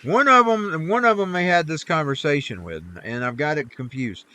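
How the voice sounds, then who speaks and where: A man's voice: fairly high pitch, animated, moderate pace, pushed and bright, no room sound. A man chatting while he plays, rambling in a folksy way about faith and scripture. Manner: rambling, folksy, preachy asides. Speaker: streamer. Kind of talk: casual chat while gaming.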